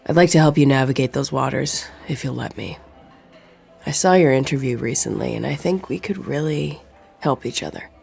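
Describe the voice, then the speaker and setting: A narrator doing a smooth scheming man. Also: mid-range voice, moderate pace, darkish tone, faint music behind. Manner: smooth and persuasive. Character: smooth scheming man making a phone offer.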